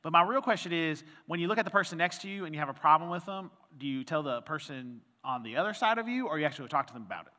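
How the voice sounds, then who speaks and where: A man preaching a sermon in a relaxed, conversational way, trading personal anecdotes and quoted back-and-forth before reading scripture. His voice sits a little high and sounds bright and forceful. It rings out with a long reverb, as in a church sanctuary. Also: racing, few pauses. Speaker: pastor.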